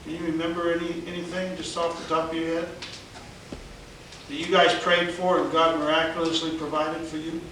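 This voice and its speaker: Animated high-voiced man in an echoey room. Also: brisk, noisy background. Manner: animated, laughs often, acts out other people's lines. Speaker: evangelist telling his testimony. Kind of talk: storytelling conversation. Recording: very echoey room, mic at a distance.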